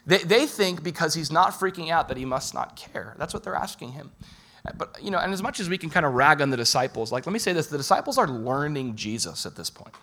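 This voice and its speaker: A man preaching a sermon in a conversational way, asking the listeners questions and swinging from loud bursts to quiet lines. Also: a little high, big pitch swings, brisk. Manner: conversational, asks the audience direct questions. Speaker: pastor.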